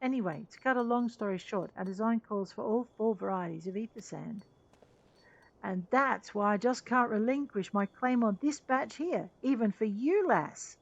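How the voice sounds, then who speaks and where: A woman voicing a gruff, eager male airship engineer in a game, speaking in a hearty, blustering manner. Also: a little high, lively intonation, moderate pace, highs cut off. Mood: enthusiastic.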